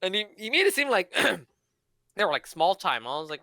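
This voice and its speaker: Podcast co-host, young man, bright clear tone, rambling anecdotes, dry close sound. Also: high voice, sing-song, normal speed, no room sound. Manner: rambling, many fillers and restarts. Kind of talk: casual storytelling chat.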